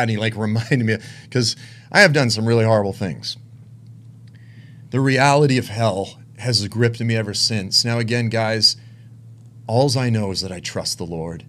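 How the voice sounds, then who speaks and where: A man preaching, telling a personal story with emotion, dropping to hushed tones and rising to intense ones. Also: mid-range voice, moderate pace. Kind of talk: sermon testimony.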